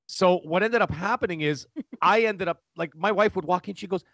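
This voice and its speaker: Middle-aged male podcast guest, loud animated storyteller, slightly high voice, dry close mic. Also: normal speed, no echo. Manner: animated, talks loudly with many restarts and laughs. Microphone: studio microphone.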